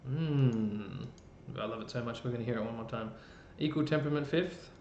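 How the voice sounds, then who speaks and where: A man with an Australian accent presenting a casual live-stream music lesson, chatty, with plenty of fillers and restarts. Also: fairly quick. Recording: roomy dull live-stream audio with faint rumble.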